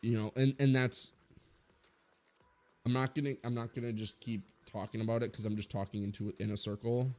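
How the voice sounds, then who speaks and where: A man's voice: mid-range voice, little pitch movement, fairly quick, a little mellow, faint music behind. A man in his twenties giving a blunt, rambling opinion rant full of swearing, as a streamer talking to his viewers.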